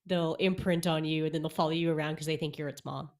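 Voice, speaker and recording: Low-voiced, eager woman co-host. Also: fairly even intonation, fast talker, a little mellow. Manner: enthusiastic, laughs often, acts out quotes. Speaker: podcast co-host. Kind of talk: casual review chat.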